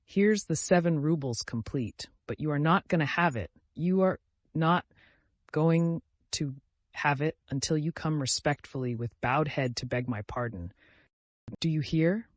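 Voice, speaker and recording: Brief: male narrator playing a furious, humiliated gentleman, high and loud, shouting at a servant, dry studio sound. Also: measured pace, dry recording, natural voice. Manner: shouting, agitated, repeating himself.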